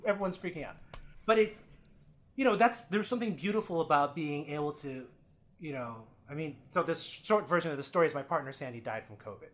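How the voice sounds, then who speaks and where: Fairly quick in his speech, this podcast guest is a man recounting open, personal stories. He shifts from loud, excited bursts to quiet, low passages, swearing liberally and performing the words of others.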